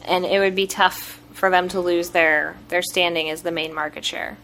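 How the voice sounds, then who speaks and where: A woman co-hosting a podcast in casual chat, explaining things at length with frequent "um" pauses. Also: fairly low pitch, fairly even intonation, fairly bright tone, slight background noise. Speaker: podcast co-host.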